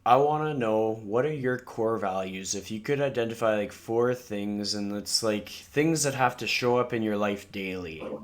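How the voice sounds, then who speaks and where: A man with a fairly low voice hosts a podcast and asks his guest questions. His delivery is easygoing and encouraging, with a casual, conversational pace. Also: normal speed. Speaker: podcast host. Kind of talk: interview questions.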